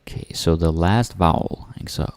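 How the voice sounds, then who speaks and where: A man with a Danish accent teaching pronunciation, speaking slowly and repeating each word for the learner. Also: low-pitched, fairly even intonation, vocal fry, mellow, no room sound, studio quality. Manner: slow, repeating words for the learner. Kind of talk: pronunciation lesson.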